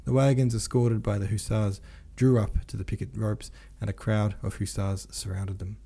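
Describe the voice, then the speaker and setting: A man narrates a classic novel as an audiobook, reading steadily and plainly. His voice sits low with a dark, mellow timbre. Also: little pitch movement, moderate pace, vocal fry, breathy edge.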